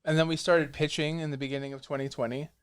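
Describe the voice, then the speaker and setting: A comic book writer in a casual interview, telling lively stories and acting out the people he quotes. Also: fairly high pitch, quick pace, smooth. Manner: animated storyteller, acts out quoted dialogue.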